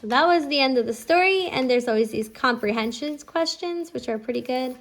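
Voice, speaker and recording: A woman homeschooling her child, explaining a phonics lesson and slowly drawing out letter sounds. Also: sits high, animated. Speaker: homeschooling parent teaching phonics. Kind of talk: instructional explanation to camera.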